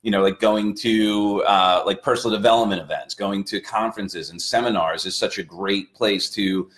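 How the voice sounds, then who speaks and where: A man co-hosting a casual motivational talk, speaking in a measured, reflective way. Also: lowish voice, fairly even intonation, fairly bright tone. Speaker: co-host.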